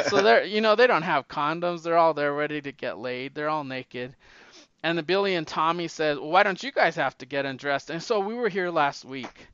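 A man casually retelling a movie plot, animated and acting out the characters' lines in raised voices. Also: on the high side, normal speed, clear, resonant tone, no echo, highs cut off.

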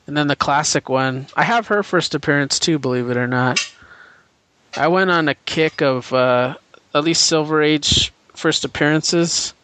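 Male podcast co-host, slightly high, smooth clear tone, chatty and eager. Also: a little slow, pushed and bright. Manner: rambling, enthusiastic retelling with frequent fillers and laughs. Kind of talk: casual comic book chat.

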